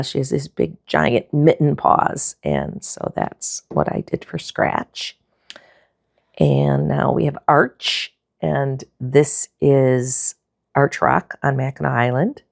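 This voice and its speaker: Woman, low and raspy-gravelly, easygoing rambling sketchbook tour, dry close sound. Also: no room sound. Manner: relaxed and chatty, with frequent fillers and self-corrections. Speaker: art vlogger.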